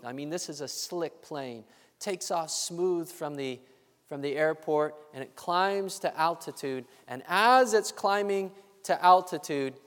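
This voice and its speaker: A man preaching a sermon, telling a story and acting out the voices of its people. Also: on the high side. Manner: animated, acts out voices in the story. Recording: long hall reverb.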